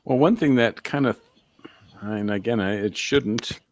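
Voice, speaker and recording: A man's voice: on the low side, unhurried, slight background noise. A man co-hosting a podcast in casual chat, talking hesitantly with many fillers. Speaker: podcast co-host.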